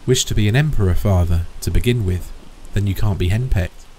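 A man's voice: on the low side, brisk, warm tone, slight background noise, close to an everyday voice. A man voicing a playful, teasing young man who jokes with his parents. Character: cheeky young man, joking son.

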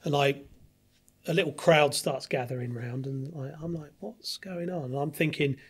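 Husky man telling anecdotes. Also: mid-range voice, steady tone, moderate pace. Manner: rambling anecdote, acts out others' lines. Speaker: podcast guest. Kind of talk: casual storytelling chat.

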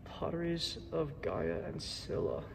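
A man's voice: a little high, sing-song, unhurried, gravelly, background noise. A young man chatting casually as he walks through a campus building and museum, a little out of breath, with wry asides. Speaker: vlogger. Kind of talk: casual vlog commentary while walking.

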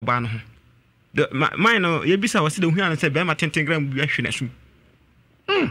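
A man's voice: fairly high pitch, very animated, fairly quick, pushed and bright, dry recording. A man calling in to tell a family story, hesitant and full of fillers. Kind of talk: telling a family story on a call-in.

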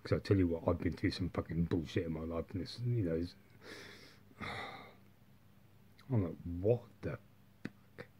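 A man's voice: sits low, fairly even intonation, normal speed, long pauses, mellow, slightly rough. A man telling a long story to camera, rambling and swearing heavily, with constant tag questions like "yeah" and "right". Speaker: vlogger. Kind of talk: casual monologue.

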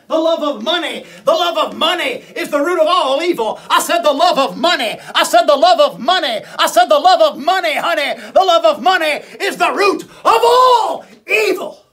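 Give me a man preaching a fiery sermon with a bright, piercing voice, shouting and hammering his points. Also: very high-pitched. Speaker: evangelist.

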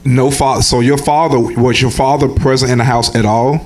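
A man's voice: medium pitch, steady tone, normal speed. A man acting as pastor, interviewing a church member and encouraging single mothers in the congregation. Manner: encouraging, affirming. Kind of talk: church interview and sermon address.

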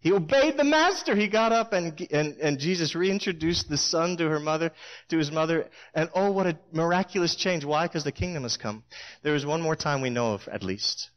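A middle-aged man preaching a sermon in a church, telling stories with lively acted-out quotes. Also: a little high, moderate pace. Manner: storytelling, animated, acts out voices in quotes.

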